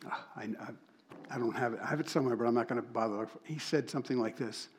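A middle-aged man preaching, telling a personal story with lively energy and acting out the voices of people he met. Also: mid-range voice, quick pace, a little hiss or hum. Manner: animated storyteller, acts out quoted voices. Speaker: pastor. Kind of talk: sermon storytelling.

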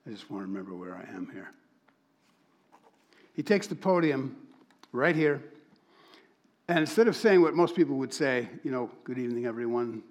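A man's voice: medium pitch, normal speed, long pauses. Man telling stories in a sermon. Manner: animated storyteller acting out dialogue. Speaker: church speaker. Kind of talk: sermon storytelling to a congregation.

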